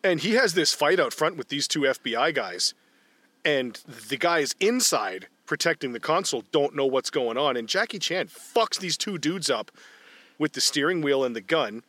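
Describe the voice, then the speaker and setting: Lively, bright-voiced man swearing casually. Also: fairly high pitch, normal speed, no room sound. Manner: profane, animated retelling of scenes. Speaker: podcast co-host. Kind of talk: casual movie commentary chat.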